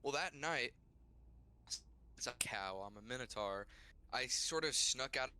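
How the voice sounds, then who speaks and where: Bright, clear-voiced man rambling through a story. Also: mid-range voice, lively intonation, unhurried. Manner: rambling, full of "like" and restarts. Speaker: player recounting his character's adventure. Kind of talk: casual storytelling in a tabletop game. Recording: faint music behind.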